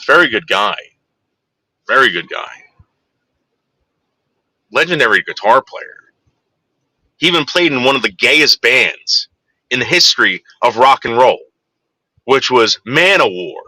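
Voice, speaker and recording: Brief: crude, digressive man in his forties, very bright tone, dry close recording. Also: mid-range voice, sing-song, measured pace, long pauses, breathy edge, no room sound, poor audio. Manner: rambling, crude, digressive, frequent fillers. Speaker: storyteller. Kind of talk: rambling anecdote.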